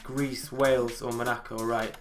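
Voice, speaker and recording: A man's voice: medium pitch, flat delivery, moderate pace, soft background music. A man hosting a gaming channel, chatting casually and thinking aloud while he plays. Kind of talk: casual gameplay commentary.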